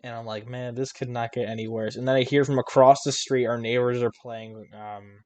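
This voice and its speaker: A man's voice: medium pitch, steady tone, a little fast, dry recording. Rambling young man, dry close sound. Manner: rambling storyteller with many restarts and fillers. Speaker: podcast co-host. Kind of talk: casual chat.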